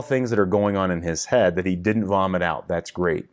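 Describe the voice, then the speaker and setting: A man's voice: low voice, moderate pace, hardly any pauses. A middle-aged man coaching husbands in a frank, casual video lesson, swearing freely as he explains. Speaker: relationship coach.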